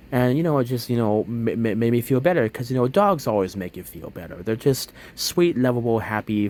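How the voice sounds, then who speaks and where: A young man telling a long personal story in a casual, rambling way, full of fillers and restarts. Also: on the low side. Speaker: vlogger.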